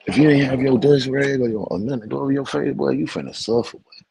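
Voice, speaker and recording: A man in his forties, a show host, casually telling stories to his viewers in an animated, slangy way. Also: mid-range voice, quick pace, gravelly, low-quality recording. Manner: animated, slangy, talks straight to his audience.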